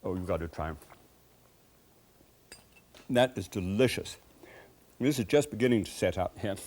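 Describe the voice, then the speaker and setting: A man's voice: on the low side, animated, moderate pace, darkish tone. A man hosting a cooking show, chatting enthusiastically and telling folksy anecdotes from a TV kitchen set. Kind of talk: cooking show chat and storytelling.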